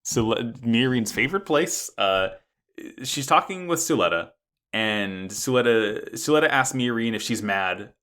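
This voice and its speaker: A man's voice: medium pitch, a little slow. A man co-hosting a podcast, recapping an anime episode in casual chat and acting out the characters' lines. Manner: animated, acts out characters' lines while recapping. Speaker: podcast co-host.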